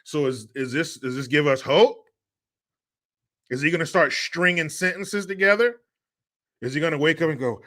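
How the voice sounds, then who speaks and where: A male livestream host with a bright, forceful voice. He reads viewer donations in a loose, chatty way and answers them with sarcastic jokes. He laughs often. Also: fairly high pitch, lively intonation, normal speed. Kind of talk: casual livestream chat.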